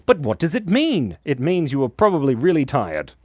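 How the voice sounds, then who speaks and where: Streaming while he draws, a man jokes around and reads out comments from his chat in a casual, playful way. His voice is a little high with a darkish tone, and the audio carries a bit of hiss or hum.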